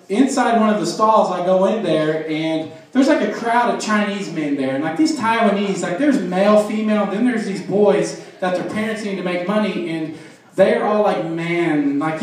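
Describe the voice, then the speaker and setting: A man doing a stand-up comedy set, telling crude stories and teasing the crowd. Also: sits high. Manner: crude storytelling with crowd work. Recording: echoey club from far off.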